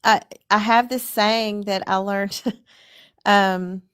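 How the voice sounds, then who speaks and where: A woman's voice: mid-range voice, steady tone, slow pace, fairly bright tone, smooth. A middle-aged woman speaking as a guest in a casual conversation, reflective and searching for her words with many fillers. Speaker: stream guest.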